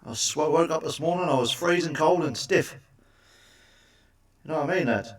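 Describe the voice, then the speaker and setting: A man's voice: a little high, moderate pace, far from the mic, slight background noise. A man doing crude stand-up one-liners, swearing a lot and asking the listener for agreement. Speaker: stand-up comedian.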